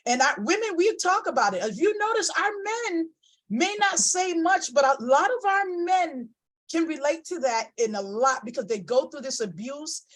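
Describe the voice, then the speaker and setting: A woman's voice: high voice, poor audio. Effusive woman hosting a poetry call. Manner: effusive and emotional, with frequent exclamations. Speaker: host of an online poetry event. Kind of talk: casual chat.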